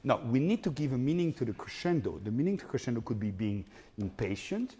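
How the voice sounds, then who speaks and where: A man's voice: medium pitch, big pitch swings, brisk, dark tone. A man leads an opera master class, his voice rising and falling as he scats rhythms and sings phrases to the students. The talk rings out with a long hall reverb. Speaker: vocal coach.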